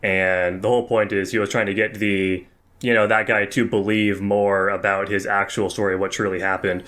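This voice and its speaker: A young man with a fairly low voice hosts a laid-back movie review chat. He rambles through his points, stacking up fillers and casual slang as he goes. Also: little pitch movement, normal speed, fairly bright tone. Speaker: podcast co-host.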